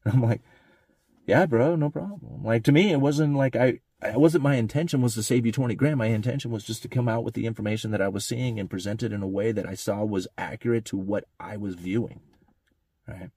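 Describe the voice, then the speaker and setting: Man, low voice, casual rambling monologue, lots of "you know", dry close sound. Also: steady tone, fast talker, mellow, husky, dry recording. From United States. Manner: rambling, conversational, frequent "you know" and "right". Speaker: economics commentator.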